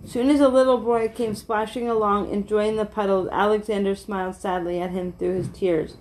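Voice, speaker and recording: A woman reading a children's picture book aloud in a gentle, steady way, with small slips and restarts. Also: mid-range voice, moderate pace, a little hiss or hum.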